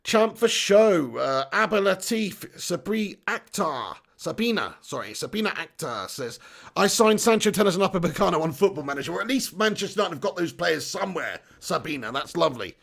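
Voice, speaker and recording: Chatty lad with gravelly high voice. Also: male voice, big pitch swings, a little fast, fairly bright tone. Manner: chatty, laughs often, swears casually, says mate a lot. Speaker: football channel host reading live chat. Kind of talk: casual live-stream chat.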